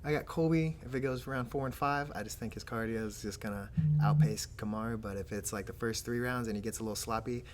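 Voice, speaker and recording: A man's voice: mid-range voice, fast talker, hardly any pauses, faint music behind. A man co-hosting a casual chat in a laid-back way, hedging his points with frequent "like". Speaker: co-host.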